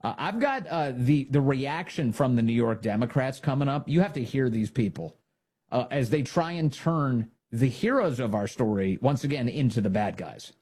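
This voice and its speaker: A man's voice: mid-range voice, expressive, normal speed, a little mellow, slightly rough. A man hosting a political talk show, delivering an opinionated monologue full of sarcasm and mocking impressions of the people he talks about. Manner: sarcastic, mocking, acts out quoted voices. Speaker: political commentary host.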